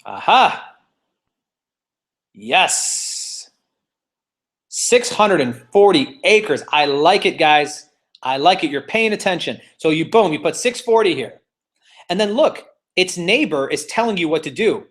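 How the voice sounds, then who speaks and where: A man's voice: a little high, lively intonation, takes it slowly, a bit bright. A man teaching a live online real estate exam class, playful and teasing, walking students step by step and cheering them on.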